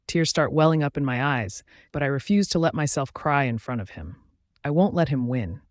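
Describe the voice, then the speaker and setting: A man giving steady first-person audiobook narration of a scripted story. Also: mid-range voice, normal speed, no echo, clean studio sound.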